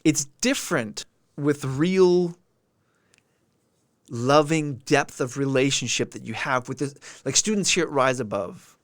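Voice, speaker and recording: A man's voice: mid-range voice, measured pace, fairly bright tone, no room sound. Earnest man on a dry close mic. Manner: earnest and emotional, reads out viewer comments. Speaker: livestream host. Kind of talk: heartfelt livestream talk.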